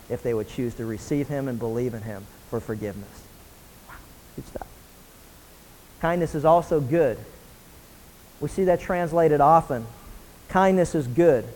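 A man's voice: a little high, a little mellow, long reverb tail, poor audio. A man preaching a sermon as a pastor, earnest and rising in intensity on key points. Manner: earnest preaching, rising and pressing when emphatic.

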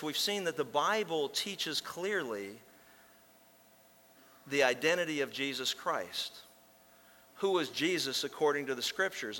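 A man's voice: fairly high pitch, bright, forceful tone. A man preaching a sermon as pastor, with folksy storytelling and emphatic repetition. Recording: long reverb in a large hall.

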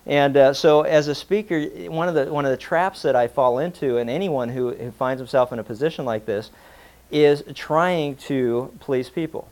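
A male pastor delivering a sermon in a relaxed, folksy manner. His pitch sits in an ordinary middle range as he spins a homespun story and chats with his listeners. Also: moderate pace.

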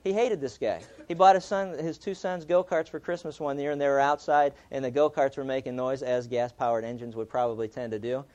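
A man's voice: medium pitch, steady tone, a little fast, hardly any pauses, darkish tone. A male preacher telling a story in a sermon, talking conversationally and reading quotes aloud. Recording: dull lo-fi recording.

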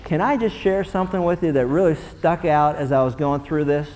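A young man preaching a sermon, animated and swinging from low, quiet asides to loud, excited bursts. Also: fairly quick, a little hiss or hum. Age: young adult. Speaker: pastor. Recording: long hall reverb.

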